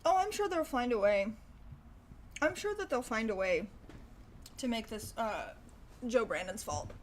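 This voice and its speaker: A woman's voice: a little high, lively intonation, a little slow, slight background noise. A young woman hosting a casual livestream, chatting sarcastically with lots of profanity and laughter. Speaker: livestream host. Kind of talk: casual livestream chat reacting to news.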